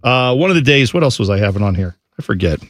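A man's voice: mid-range voice, big pitch swings, quick pace, dry recording, clean studio sound. A man hosting a sports radio show, rambling and joking in a loose, casual way.

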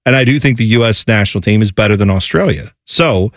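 A man's voice: on the low side, fast talker, no echo, studio quality. A man hosting a casual sports talk show, explaining soccer in a chatty way with jokey asides.

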